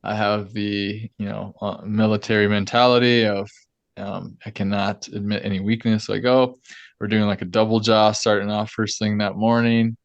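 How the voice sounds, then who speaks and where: A man in his thirties hosting a podcast, talking in a loose, chatty way, full of fillers and quick laughs. His voice sits a little low, and the sound is close and dry with no room around it. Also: flat delivery, vocal fry, dry recording, muffled recording. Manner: chatty storyteller, laughs often, many fillers. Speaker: podcast host. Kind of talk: casual chat.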